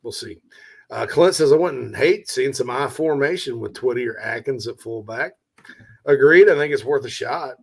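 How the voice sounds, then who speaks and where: A man's voice: mid-range voice, moderate pace, vocal fry, husky. A man from South Carolina hosting a casual sports talk show, joking and reading out audience comments. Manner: joking, chatty, reads out audience questions.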